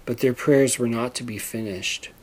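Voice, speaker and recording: A man's voice: mid-range voice, moderate pace, a little mellow. Man reading a storybook aloud. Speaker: narrator. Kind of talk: storybook narration.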